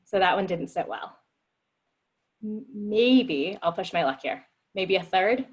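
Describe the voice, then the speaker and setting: An upbeat woman guides a group discussion on empathy over a video call. She acts out quoted replies with a lift in her voice, and her pitch sits in the middle range. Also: animated, unhurried, rough recording. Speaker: meeting facilitator.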